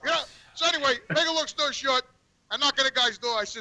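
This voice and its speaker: A man's voice: extremely high pitch, fast, sharp tone. A man telling a crude comic story outdoors, profane and stammering over his words. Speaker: guest calling in. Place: outdoors on a work job.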